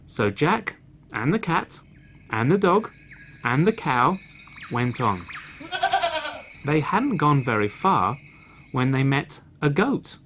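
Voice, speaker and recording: Female teacher reading a children's tale, slow and very expressive. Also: low voice. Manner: slow, expressive read-aloud voice.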